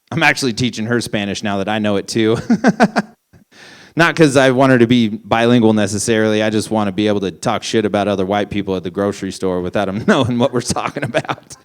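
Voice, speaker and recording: A young man with a lowish, clean-toned voice delivers a brisk stand-up set. He rants in disbelief, swears heavily, and lands his punchlines as profane, incredulous tirades.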